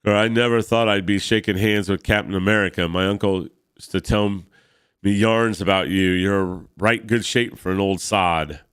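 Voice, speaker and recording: A man's voice: lowish voice, fairly even intonation, moderate pace, fairly bright tone, clean tone, dry recording, clean studio sound, lightly acted. A man voicing a brash young working-class English art student, cheeky and blunt. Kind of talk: reading a comic aloud.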